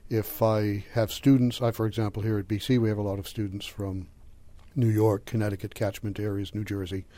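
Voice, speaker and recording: A middle-aged man from the Boston area, a linguistics professor with a light Boston accent, explaining things in a measured, lecturing way during an interview. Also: lowish voice, little pitch movement, dark tone. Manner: measured, lecturing, with fillers and chuckles.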